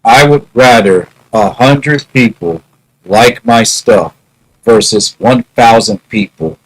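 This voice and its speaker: A man's voice: medium pitch, takes it slowly, husky, poor audio. A man musing in a casual vlog monologue, wry and half-joking. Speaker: vlogger.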